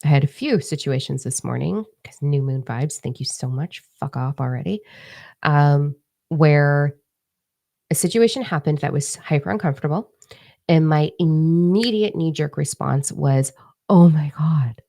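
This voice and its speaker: Low-voiced woman host with a gravelly edge; casual live-stream talk, blunt and profane, acts out her reactions. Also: normal speed, mellow. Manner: candid, swears freely, acts out her own reactions. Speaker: host of a spiritual live chat. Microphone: microphone in front of her face.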